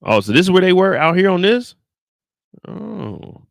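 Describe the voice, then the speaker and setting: Animated, exasperated man streaming to chat. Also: sits high, a little slow, creaky, clear, resonant tone, no echo, clean studio sound. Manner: animated, exasperated, swears freely, talks to chat. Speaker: show reaction streamer. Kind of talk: casual livestream chat with viewers.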